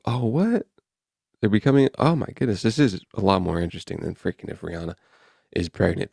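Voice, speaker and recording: This man hosts a podcast, reading headlines aloud and riffing on them in an offhand, wry chat. His voice is lowish and a little mellow, with vocal fry, and the recording is clean studio sound with no room sound.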